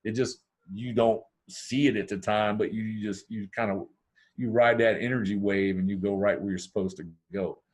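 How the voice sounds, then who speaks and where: Lively storytelling man from Ohio, lowish voice. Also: moderate pace, husky. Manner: animated, acts out dialogue with big pitch swings. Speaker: podcast guest. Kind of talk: casual storytelling.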